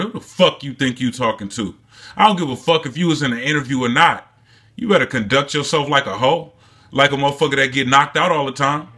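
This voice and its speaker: A husky-voiced young man rants with heated scorn, swearing through nearly every line. His tone is forceful and tense, pitched a little high for a man. It sounds like a casual, unscripted commentary vlog. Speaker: boxing commentary vlogger. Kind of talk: profane casual rant.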